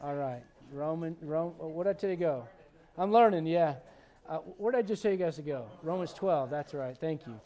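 A male pastor preaching a sermon, animated and conversational, with frequent restarts. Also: a little high, normal speed.

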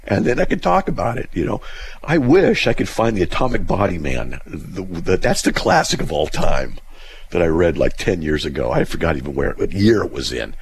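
A male radio host reading listener mail aloud and mocking it in a sarcastic, animated way. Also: moderate pace, creaky. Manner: sarcastic, mocking, animated with sudden pitch jumps.

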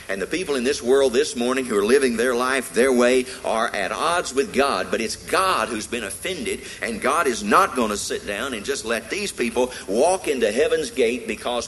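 A man's voice: mid-range voice, a bit bright, slight background noise, rough recording. A man preaching a sermon in a church service, emphatic and repetitive in a preacherly way. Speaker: pastor.

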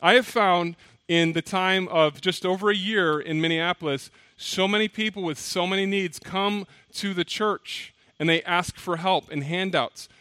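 High-voiced animated male pastor preaching. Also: normal speed, few pauses, dry recording. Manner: animated storytelling, acts out quoted voices. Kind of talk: sermon. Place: church.

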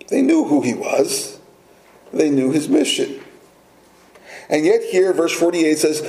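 A man's voice: on the high side, expressive, unhurried, vocal fry, warm tone. A man preaching a sermon in a conversational way, often asking the listeners questions. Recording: echoey room.

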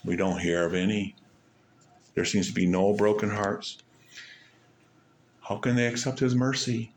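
A man preaching a sermon, asking rhetorical questions and stressing points with pauses and sudden drops in volume. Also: fairly low pitch, little pitch movement, a little hiss or hum. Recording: echoey room.

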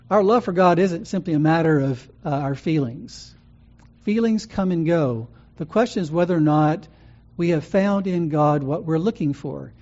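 Man preaching a sermon, mellow, slightly muffled. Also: on the high side. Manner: conversational teaching with frequent ums and restarts. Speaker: pastor. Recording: muffled lo-fi sound.

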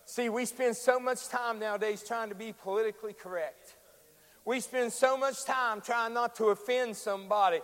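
A man preaching a sermon, moving from quiet storytelling to shouted preaching. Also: sits high, big-room sound.

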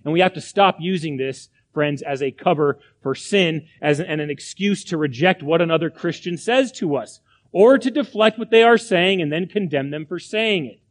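A man with a high voice delivers a sermon as pastor. He preaches emphatically, repeating phrases and firing rhetorical questions at the congregation. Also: moderate pace.

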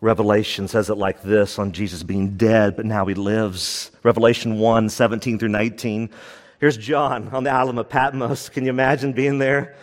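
A man preaching a sermon as pastor, fervent, with big swings between raised and hushed passages. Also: fairly low pitch, little pitch movement, normal speed, big-room sound.

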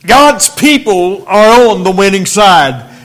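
A man preaching in a church, reading scripture aloud slowly and then speaking earnestly to the congregation. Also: high voice, sing-song, a bit bright. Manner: slow, deliberate King James reading, then earnest preaching.

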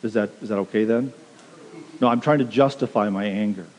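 In a big, reverberant hall, a pastor speaks fairly quickly in a lowish, darkish voice. His sermon is earnest and straightforward, exhorting the congregation plainly and using quoted asides.

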